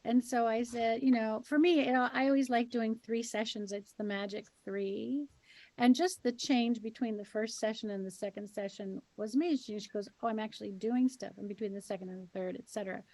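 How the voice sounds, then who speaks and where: Animated woman host, higher voice. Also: fairly quick, no room sound. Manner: animated, mocking tone in examples. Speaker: host, healing practitioner. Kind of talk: casual conversation.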